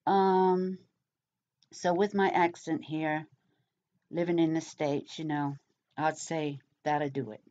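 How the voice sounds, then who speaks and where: Middle-aged English woman, low voice, rambling casual chat, dull lo-fi sound. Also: steady tone, takes it slowly, pauses often, mellow. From England. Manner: rambling, chatty, many fillers. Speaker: vlogger.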